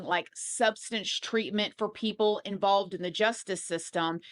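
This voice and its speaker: A woman's voice: mid-range voice, a bit bright. A woman narrating a true crime video in a chatty way, with casual fillers running through her telling of the case.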